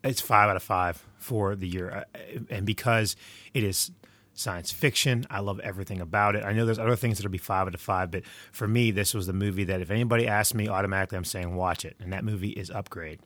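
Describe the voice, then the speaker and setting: A man's voice: on the low side, a little fast, a bit bright, no echo. A middle-aged man giving movie recommendations in a casual, rambling monologue full of digressions and stories. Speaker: movie reviewer.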